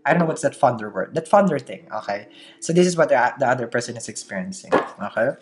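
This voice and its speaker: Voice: mid-range voice, expressive, fast talker. Chatty tarot reader with a slight accent. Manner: chatty, laughs often, keeps asking "okay?". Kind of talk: casual daily tarot reading to camera.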